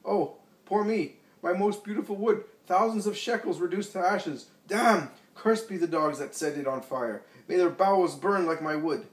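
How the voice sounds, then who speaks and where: A man's voice: mid-range voice, fairly even intonation, moderate pace, close to an everyday voice. A man voicing a trembling, greedy old male scribe who stammers and shrieks curses, recorded in an echoey room from a distance. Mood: furious, despairing. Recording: echoey room, distant mic, faint hiss.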